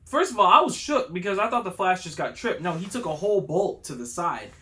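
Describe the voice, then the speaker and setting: Male vlogger, slightly high voice, excitable and slangy, casual movie review. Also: fairly quick. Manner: excitable, gets worked up; slangy, enthusiastic storytelling. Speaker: YouTube channel host.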